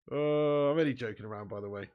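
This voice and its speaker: A man's voice: mid-range voice, narrow, tinny audio. Laughing, joking streamer man. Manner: jokey banter, laughs often. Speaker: football watch-along streamer. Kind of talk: casual live-stream chat, reading out viewer comments.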